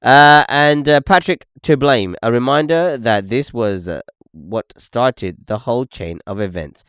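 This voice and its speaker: A young man hosts a casual podcast and reacts to clips in a loose, profane rant. His voice sits at an ordinary middle pitch and sounds dry and close, with no room around it. He keeps telling the listener to look and keeps asking "okay?". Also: measured pace, fairly bright tone, smooth, no room sound. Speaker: podcast host. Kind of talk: casual commentary over video clips.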